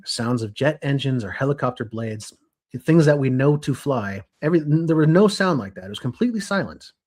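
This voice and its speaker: A young man co-hosting a podcast, walking listeners through a story from his notes. He talks casually and animatedly, restarting and correcting himself as he goes, in a voice of middle pitch. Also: lively intonation, fairly quick, a little mellow. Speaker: podcast co-host.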